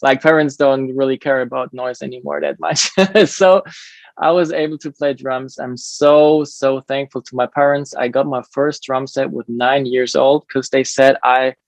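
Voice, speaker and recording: A man's voice: mid-range voice, no room sound. A man from Germany with a German accent, a drummer and drum teacher, talking earnestly as a podcast guest in a drum lesson room. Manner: friendly, earnest, many fillers. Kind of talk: casual interview conversation.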